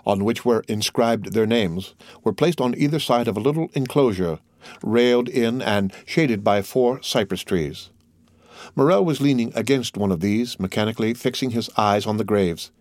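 A man narrating a classic novel in a measured, steady reading. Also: mid-range voice, no echo. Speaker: audiobook narrator. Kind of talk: scripted narration.

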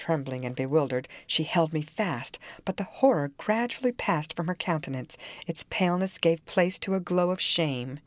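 A woman narrating a classic novel in a measured, calm storytelling manner. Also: low voice, no room sound. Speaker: audiobook narrator.

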